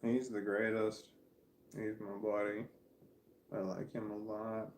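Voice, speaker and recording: A man's voice: on the low side, flat delivery, slow pace, pauses often, a little hiss or hum. A man vlogging from home, chatting candidly and wandering from thought to thought with a self-deprecating tone. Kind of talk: casual rambling monologue to camera. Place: at home in a room, with a puppy in his lap. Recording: roomy echo.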